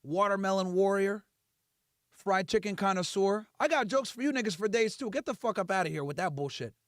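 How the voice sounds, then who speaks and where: A man's voice: high voice, fairly quick, no echo, clean studio sound. A man hosting a livestream, ranting in a profane, heated and mocking way. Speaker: livestream host. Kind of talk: livestream rant.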